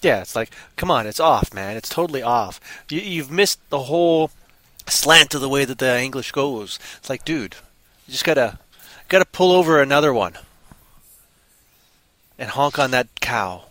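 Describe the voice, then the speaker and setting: A man's voice: medium pitch, lively intonation, normal speed, fairly bright tone, no room sound. A man co-hosting a casual chat, rambling and riffing playfully on jokes. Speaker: podcast co-host.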